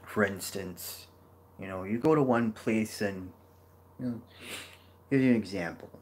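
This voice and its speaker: Man, very low voice, casual lecture, rambling, lots of fillers. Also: unhurried, a little mellow, slightly rough. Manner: rambling, many "you know" fillers and restarts. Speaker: geography educator.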